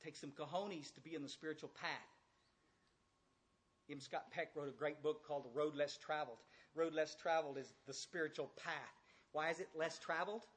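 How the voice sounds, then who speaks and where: A blunt older man with a drawl speaks to a large audience in a folksy recovery talk. His voice is husky and sits a little high for a man. He keeps repeating phrases and throwing direct questions out to the room. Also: steady tone, brisk, a bit bright. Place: large room with a few hundred listeners.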